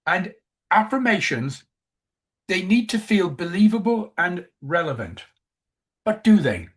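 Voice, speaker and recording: A man's voice: high-pitched, sing-song, a little slow. A man giving a coaching presentation, emphatic, who repeats key phrases.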